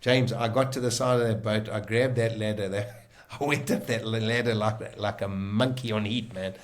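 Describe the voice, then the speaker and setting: A South African man, a podcast guest, vividly retelling a dramatic survival story in the first person, emphatic and quick to restart his sentences. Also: fairly low pitch, fairly even intonation.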